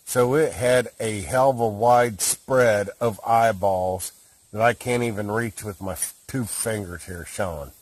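A man casually explaining and demonstrating an encounter at his trailer in plain, rough-edged talk. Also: lowish voice, measured pace, dry recording. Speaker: guest recounting an encounter.

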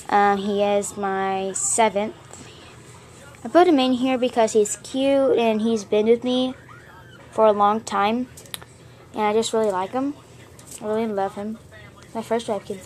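A woman's voice: medium pitch, fairly even intonation, a little slow, pauses often, darkish tone. A girl showing her toy collection in a casual vlog from her bedroom, chatty and gushing, rambling with fillers. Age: child. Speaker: vlogger showing her plush toys. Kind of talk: casual show-and-tell vlog.

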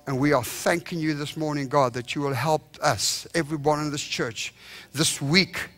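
A man's voice: fairly high pitch, normal speed, fairly bright tone. A young man preaching a revival sermon in a church, telling a story and acting out the voices in it. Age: young adult. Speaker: evangelist. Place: church sanctuary.

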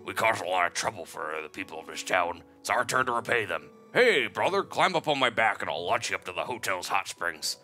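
A man's voice: on the low side, very animated, a little fast, hardly any pauses, bright, forceful tone. Man doing a hulking friendly game creature, male, hammy cute monster voice, strange timbre, faint music behind. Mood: grateful. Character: big friendly rock-creature Goron, male. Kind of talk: reading game dialogue aloud.

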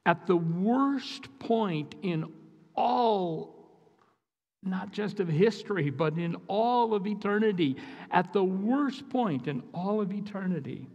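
A man's voice: sits high, animated, slow, darkish tone, muffled recording. A man with an Upper Midwest American accent, preaching as a guest speaker, earnest and emphatic, often repeating his phrases. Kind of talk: sermon. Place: church sanctuary. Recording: long church hall reverb.

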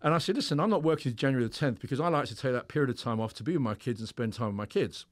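A man's voice: medium pitch, animated, rapid-fire. A middle-aged man who works as a hypnotherapist, telling stories in a podcast conversation in a blunt, straight-talking way with plenty of swearing.

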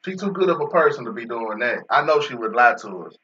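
Man, lively up-and-down pitch, casual gameplay banter, dull lo-fi sound from a slightly distant mic. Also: fast talker. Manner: joking banter with an unseen in-game agent, AAVE-flavored casual speech. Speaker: gaming video host.

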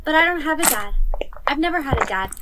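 A synthetic woman's voice narrating a story, reading every character's lines in the same even computer voice. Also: high voice, quick pace, noisy background. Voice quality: synthetic, evenly paced computer voice. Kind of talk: text-to-speech story narration.

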